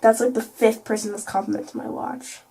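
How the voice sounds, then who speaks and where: A woman's voice: on the high side, little pitch movement, normal speed, mellow, slightly rough. Chatty teenage girl vlogger. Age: teens. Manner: chatty, full of "like" and "you know", mimics classmates in quotes. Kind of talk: casual storytime chat.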